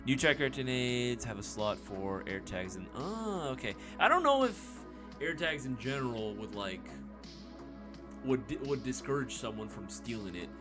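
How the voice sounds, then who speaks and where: A man hosting a casual live stream Q&A, excitable and profane, who laughs easily. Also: mid-range voice, normal speed, music in the background.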